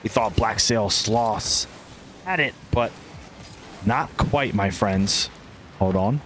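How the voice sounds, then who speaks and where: A man's voice: lowish voice, slow, fairly bright tone, a little hiss or hum. A man casting an esports match live with playful play-by-play, inventing silly words and chatting with viewers between plays. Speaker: esports caster.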